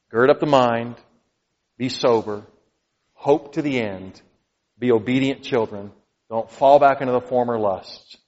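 A middle-aged man preaching a sermon as pastor, earnest, moving from quiet pleading to loud excited emphasis. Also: medium pitch. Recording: dull sound with long hall reverb.

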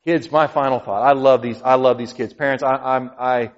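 A middle-aged man preaching a sermon as pastor, earnest, moving from quiet pleading to loud excited emphasis. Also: mid-range voice, normal speed. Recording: dull sound with long hall reverb.

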